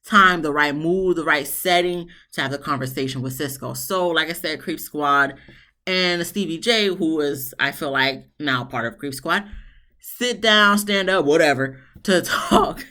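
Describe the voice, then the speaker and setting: A woman casually recapping a TV episode, chatty and animated, with sarcastic asides. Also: a little slow. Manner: chatty, animated, mock-quotes people with big pitch swings. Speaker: TV show reviewer.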